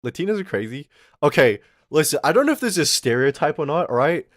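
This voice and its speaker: A young man chats loosely on a livestream, cursing and chuckling as he rambles. His pitch swings widely, rising and falling as he talks. The sound is close and dry. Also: big pitch swings, fast talker, dry recording. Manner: rambling, profane, laughing often. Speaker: streamer. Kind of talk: casual livestream chat.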